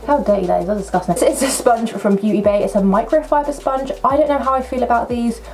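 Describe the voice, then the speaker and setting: A young woman, chatting her way through a makeup tutorial at home with excitable, self-mocking asides. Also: on the high side, quick pace, music in the background. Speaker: makeup vlogger. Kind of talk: casual makeup tutorial chat. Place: at home at a table.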